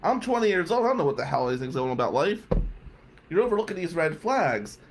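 Man, higher-pitched and expressive, casual anecdote told straight to the audience. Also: fast. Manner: animated, conversational, addresses listeners directly. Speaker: storyteller.

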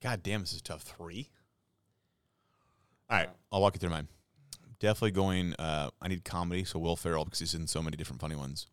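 Fast-talking blunt man. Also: sits low, fairly even intonation, clear, resonant tone, dry recording, clean studio sound. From St. Louis, Missouri, US. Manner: opinionated, blunt, swears casually. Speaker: podcast co-host. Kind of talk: casual chat.

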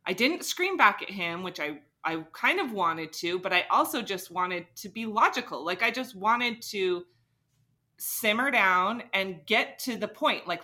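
Young woman, podcast co-host. Bright, sharp tone; animated, acts out dialogue. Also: medium pitch, a little slow. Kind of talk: casual storytelling.

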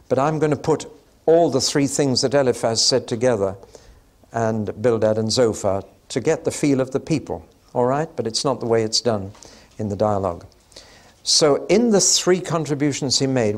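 A man giving a Bible teaching talk in a conversational way, with wry asides and rhetorical questions to his listeners. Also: mid-range voice.

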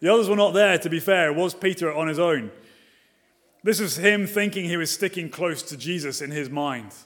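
A man delivering a sermon in a slightly higher-than-usual voice. He moves between emphatic stretches and quiet asides. He keeps the congregation engaged with rhetorical questions. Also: normal speed. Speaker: preacher. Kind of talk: expository sermon.

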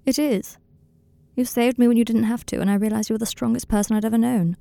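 A woman voicing an earnest, tender young male wizard in an audiobook reading of a fan story, speaking in a softly confiding, slightly rambling way. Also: fairly high pitch, steady tone, fast talker, creaky, no room sound.

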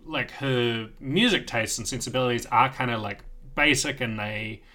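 Bright, animated co-host, retells scenes with put-on quotes. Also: medium pitch, moderate pace. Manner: animated storyteller, acts out quotes. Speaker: podcast co-host. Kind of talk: casual chat.

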